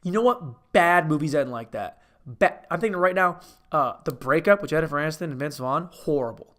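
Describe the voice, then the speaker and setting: Man, host of a comedy review show, higher-than-usual voice, rambling, self-correcting, profane. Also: animated, a little fast, a bit bright.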